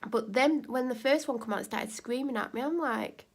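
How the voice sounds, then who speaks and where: A woman vlogging casually, retelling a neighbour dispute animatedly and getting louder at heated moments. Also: high-pitched, moderate pace. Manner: animated, rising to near-shouting when retelling an argument. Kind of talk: casual storytelling vlog.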